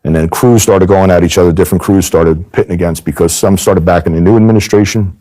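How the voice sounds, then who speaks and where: A man with a low voice tells his story candidly in an interview. He talks fast and hammers points home by repeating them. His tone is dark and mellow. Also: steady tone. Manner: emphatic, repeats phrases for stress. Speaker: former undercover agent telling his story.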